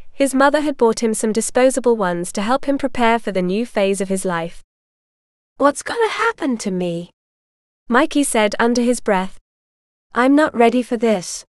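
A woman reading a story aloud in a steady, matter-of-fact scripted narration. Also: on the high side, smooth, no echo, clean studio sound.

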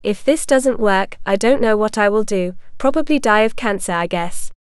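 Despairing male smoker read by a woman, resigned, smooth clear voice. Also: mid-range voice, normal speed, no echo, studio quality, natural voice.

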